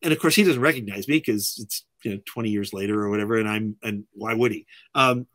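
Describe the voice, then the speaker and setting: Middle-aged male filmmaker guest, bright forceful tone, dry close sound, lively anecdotal storyteller. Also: on the low side, fast, no echo. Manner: acts out other people's lines in lively voices.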